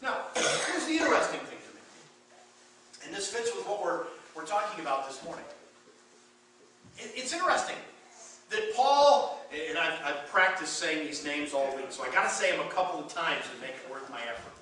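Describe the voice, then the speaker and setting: A man's voice: a little high, expressive, moderate pace, bright, forceful tone, heavy reverb, slight background noise. A man preaching a sermon as pastor, emphatic, rising and falling in intensity, recorded from a distance in a church sanctuary.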